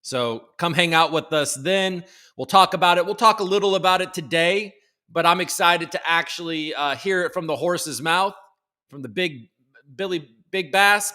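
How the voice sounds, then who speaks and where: A man with a fairly high, bright voice speaks at normal speed with a forceful tone into a desk microphone. He hosts a daily crypto news livestream in a casual, rambling, jokey way, often restarting sentences and swearing now and then.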